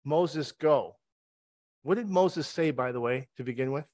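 A man's voice: medium pitch, brisk, darkish tone, no room sound, studio quality. A man preaching a conversational sermon. He retells the story with wry asides and rhetorical questions.

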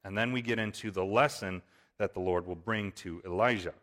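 A man's voice: lowish voice, brisk, fairly bright tone. A man reading Bible verses aloud and explaining them, often checking in with "right?". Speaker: Bible teacher. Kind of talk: Bible study teaching.

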